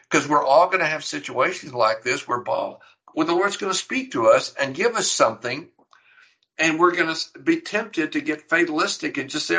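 A man's voice: a little high, creaky, bright, forceful tone, rough recording. A middle-aged man preaching a sermon, teaching earnestly and emphatically, with rhetorical questions. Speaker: pastor.

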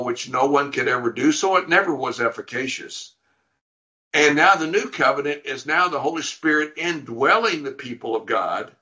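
A man with a bright, forward voice at middle pitch, teaching through a passage of scripture. He reads verses aloud and then explains them, often stopping to restart a phrase. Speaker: pastor.

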